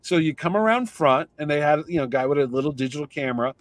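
A man telling a lively anecdote in casual conversation, acting out the voices of the people in his story. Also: on the high side, fast talker, no echo. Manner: animated anecdote teller, acts out voices in quotes. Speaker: comic convention organizer.

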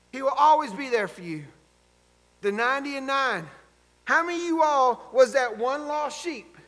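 A pastor with a high, bright voice preaches a fervent sermon in a church sanctuary, using call-and-response. The recording has a long church hall reverb.

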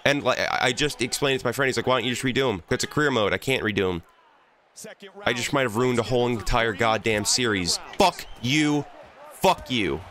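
A man running a gaming channel angrily vents and swears while playing through a fighting game in let's-play commentary. His medium-pitched voice is fast, bright, and forceful, full of exasperated profanity.

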